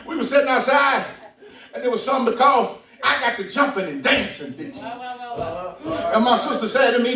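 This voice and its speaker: High-voiced man preaching, shouting. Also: moderate pace, crowd noise. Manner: shouting call-and-response preaching, folksy storytelling. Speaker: pastor. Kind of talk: preaching sermon. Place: church sanctuary. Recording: echoey church with organ and congregation, mic far off.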